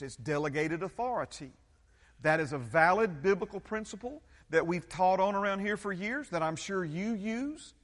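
A man preaching to his congregation, pressing points by repeating them and asking if they follow. His voice sits high for a man. A long reverb from a large hall trails each phrase. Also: a bit bright. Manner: emphatic, repetitive, questioning the congregation. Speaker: pastor. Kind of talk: sermon.

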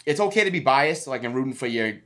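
A man with a voice of average pitch rattles through a story at a quick clip, swearing often. His talk rambles and restarts. He mimics the voices of other people as he tells it. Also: lively intonation, a bit bright. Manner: rambling, profane, acts out other people's lines. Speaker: fighter telling a fight story. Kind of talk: casual chat.

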